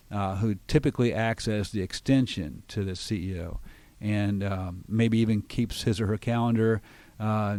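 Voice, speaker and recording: A man's voice: on the low side, no room sound. A man hosting a radio talk segment, explaining sales tactics and acting out sample phone lines. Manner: lively explanatory, acts out example phone lines. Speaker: sales trainer, radio show host.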